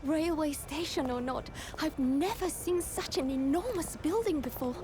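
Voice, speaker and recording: A woman voicing a polite, high-voiced young traveler. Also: moderate pace, natural voice. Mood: amazed. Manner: polite, soft. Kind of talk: reading game dialogue aloud.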